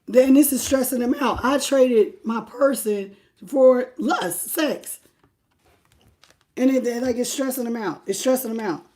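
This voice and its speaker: A woman's voice: fairly high pitch, darkish tone. A woman doing a live tarot reading. She talks straight to viewers, greets the chat by name and repeats phrases for emphasis. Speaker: tarot reader.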